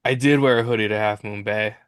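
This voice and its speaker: Animated storytelling man from Minnesota. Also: fairly low pitch, fast, smooth, no room sound. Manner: animated storyteller who acts out quoted friends. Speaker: podcast host. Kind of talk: casual chat.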